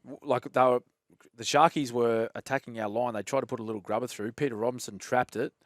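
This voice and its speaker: A man with an Australian accent telling old rugby league stories in a casual chat, lively and laughing often, calling his listener "mate". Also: mid-range voice, quick pace, no room sound, studio quality. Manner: animated, laughs often, says "mate" a lot. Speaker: podcast guest, former rugby league player.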